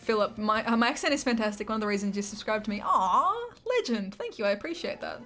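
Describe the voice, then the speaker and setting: A young Australian woman chats away to her stream audience in a bubbly, talkative way, with a voice of ordinary middle pitch. Soft game music plays faintly behind her desk mic. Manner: chatty, bubbly, quick asides to chat. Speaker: gaming streamer. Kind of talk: casual chat with live chat while playing.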